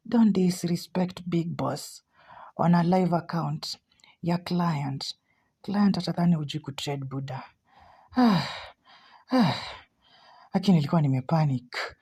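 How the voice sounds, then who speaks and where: A Kenyan woman giving anxious, excitable live commentary as she trades, repeating herself often. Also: low voice, moderate pace, slightly rough. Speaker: forex trader streaming live.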